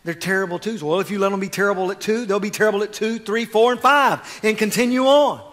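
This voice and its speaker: A man preaching a sermon as pastor, swinging from quiet asides to loud, fervent exhortation. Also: high voice, fast talker, in a large hall.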